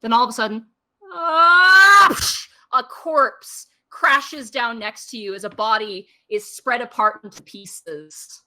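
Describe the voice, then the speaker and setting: A woman narrating as game master of a tabletop game, casual and quick to laugh. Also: on the high side, bright, forceful tone. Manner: casual, laughing, restarts often.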